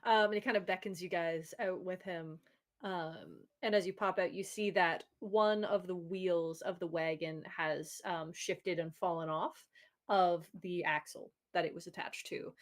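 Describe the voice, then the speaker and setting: A woman's voice: lowish voice, steady tone, a little slow. A woman narrating a tabletop game as game master, rambling with fillers and frequent laughter.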